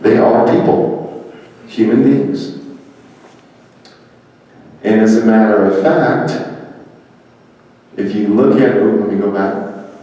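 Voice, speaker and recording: Man, public speech, low mellow voice, storytelling, distant mic, long hall reverb. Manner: conversational storytelling, acting out quoted dialogue. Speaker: political candidate giving a talk. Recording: echoey hall, mic far off.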